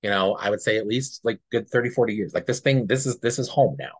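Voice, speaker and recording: A man's voice: lowish voice, quick pace, slightly rough, no room sound. A man co-hosting a podcast, earnestly telling a personal story in a rambling, casual way and often checking in with "right?". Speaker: podcast co-host.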